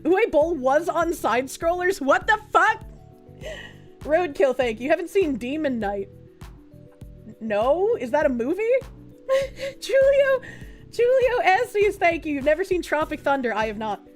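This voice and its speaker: A woman's voice: very high voice, expressive, measured pace, long pauses, soft background music. A woman streamer chatting casually and reading out chat messages, swearing freely and laughing a lot.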